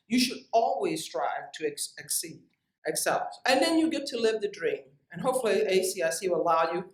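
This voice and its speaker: Speaking at a medium pitch and a fairly quick pace, a woman scientist delivers a direct, emphatic motivational lecture to young researchers, lively and full of asides. The room is echoey and the mic is distant.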